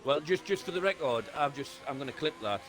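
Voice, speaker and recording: A man's voice: a little high, lively intonation, quick pace, noisy background. Geordie man calling a sim race lap. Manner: talks through each corner step by step, rising as the lap builds. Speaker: co-commentator. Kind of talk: esports race commentary.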